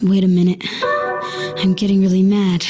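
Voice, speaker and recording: A woman voicing a schoolboy in an educational cartoon who talks himself through deep breaths to calm his anger, with loud music behind her. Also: normal speed, natural voice.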